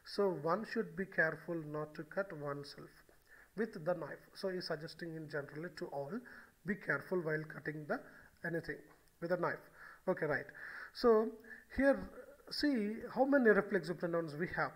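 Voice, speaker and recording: A man's voice: fairly high pitch, moderate pace, poor audio. A man giving a recorded grammar lecture, explaining step by step and repeating key phrases, with frequent "okay" and "so". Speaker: English grammar teacher.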